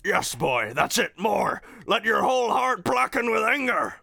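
A man voicing an old, smug and sinister male villain, reading game lines aloud in a slow, grandiose gravelly voice. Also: high-pitched, sing-song, sharp tone, no echo, studio quality, pitched above the performer's own voice, heavily acted. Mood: menacing.

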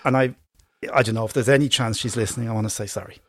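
A man's voice: mid-range voice, steady tone, racing, fairly bright tone, no room sound, studio quality. A man with an Irish accent, a podcast co-host telling a self-deprecating travel story in a casual, rambling way full of restarts.

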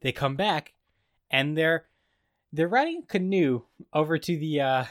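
A man's voice: fairly high pitch, animated, measured pace, fairly bright tone, no room sound, clean studio sound. Casual man retelling a comedy episode. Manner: rambling storyteller, acting out scenes. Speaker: podcast co-host.

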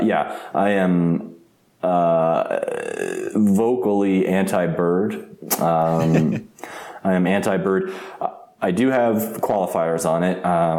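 A man with a very low, deep voice talks through an episode recap in a loose, rambling way, often laughing and restarting his sentences. The sound is roomy and echoey. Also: darkish tone. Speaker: podcast co-host. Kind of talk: casual episode recap chat.

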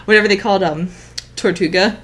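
A woman co-hosting a casual review chat, animated and laughing often. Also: medium pitch, quick pace. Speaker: podcast co-host.

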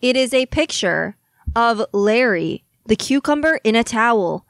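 A woman's voice: on the high side, lively intonation, a little slow, no room sound. Enthusiastic young woman, rambling chat. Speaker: podcast co-host. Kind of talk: casual chat.

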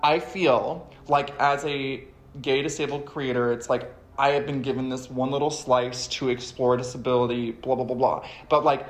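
A man in casual podcast chat as a guest, animated and swearing freely, slipping into exaggerated voices when quoting people. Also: medium pitch, moderate pace, hardly any pauses. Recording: roomy echo.

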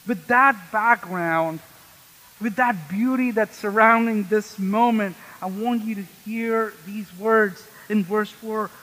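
A man's voice: sits high, takes it slowly, pushed and bright, long reverb tail, low-quality recording. A man preaching a sermon as pastor in a church, conversational and asking the congregation questions.

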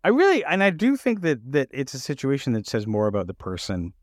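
A man co-hosting a podcast in casual chat, thoughtful and halting, often restarting his sentences and laughing easily. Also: medium pitch, wildly swooping pitch, dry recording, studio quality. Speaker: podcast co-host.

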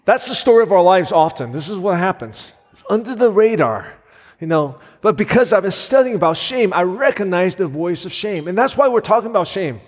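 A man's voice: high-pitched, sing-song, fairly quick, breathy edge. A man in his thirties preaching a sermon as a pastor, earnest and conversational, with frequent fillers. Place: church sanctuary. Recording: long hall reverb.

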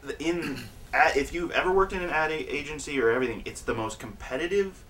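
A man's voice: a little high, fairly quick, fairly bright tone. A man on a podcast, cracking dry jokes and explaining asides in casual chat. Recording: distant mic with faint background noise.

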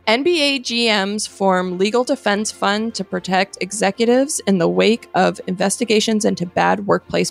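A woman co-hosting a sports podcast, reading out headlines in a dry, matter-of-fact way. Her pitch sits in an ordinary middle range, with faint music under the track. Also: creaky. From Chicago area. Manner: reads news items dryly, laughs between them. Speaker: podcast co-host.

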